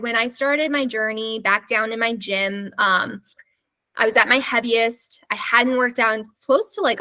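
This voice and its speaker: A woman hosting a podcast speaks candidly about herself, rambling a little and sometimes losing her thread. Her voice sits a little high and sounds bright and forward. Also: low-quality recording. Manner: candid, rambling, loses her train of thought. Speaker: podcast host. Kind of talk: casual interview chat.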